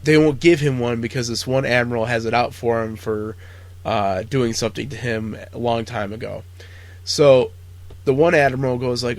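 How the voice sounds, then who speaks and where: Man, podcast co-host, casual chat, rambling, profane, mid-pitched. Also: steady tone, moderate pace. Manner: rambling, profane, lots of fillers.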